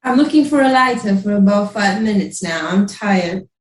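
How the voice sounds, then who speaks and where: A woman's voice: medium pitch, animated, normal speed, roomy sound, lightly acted, rough recording. A woman playing a tired, self-important male fashion designer diva with an affected drawl. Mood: languid. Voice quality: affected fake upper-class accent, drawling.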